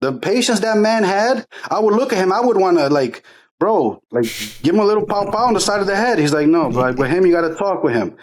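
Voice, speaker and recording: Middle-aged guy on a podcast, fairly high voice, slangy, acts out what people said. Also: fast. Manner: animated storyteller, slangy, acts out quotes. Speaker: podcast co-host. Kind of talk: casual podcast chat.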